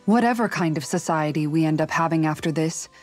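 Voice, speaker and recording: A gentle, thoughtful older sister. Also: female voice, sits low, brisk, no echo, faint music behind. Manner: gentle, thoughtful, soft-spoken. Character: calm, caring young woman, an older sister. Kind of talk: video game voice acting.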